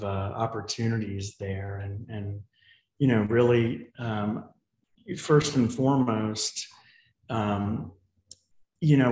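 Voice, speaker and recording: A man answering as a panel guest in a measured way, with some fillers. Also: medium pitch, darkish tone. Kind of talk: casual panel discussion. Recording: roomy echo.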